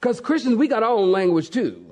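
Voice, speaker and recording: High-voiced animated preacher. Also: male voice, fairly quick. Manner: animated, jokey storytelling. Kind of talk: sermon.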